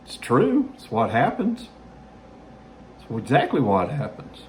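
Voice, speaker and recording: A man's voice: medium pitch, wildly swooping pitch, a little slow, pauses often, a little hiss or hum. A man hosting a political commentary show, sarcastic and mocking as he reacts to news. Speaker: host.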